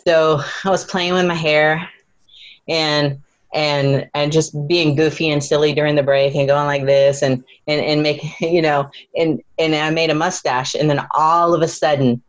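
Middle-aged woman, low-pitched, heartfelt and searching, repeats herself, emotional high peaks. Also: level tone, measured pace, muffled recording. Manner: emotional, searching, repeats words and restarts, voice rising high in emotional moments. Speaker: spiritual teacher sharing a personal story. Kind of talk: heartfelt personal sharing.

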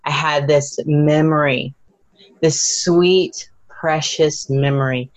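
Low-voiced woman sharing emotionally. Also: fairly even intonation, takes it slowly, poor audio. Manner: emotional, searching, repeats words and restarts, voice rising high in emotional moments. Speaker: spiritual teacher sharing a personal story. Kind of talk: heartfelt personal sharing.

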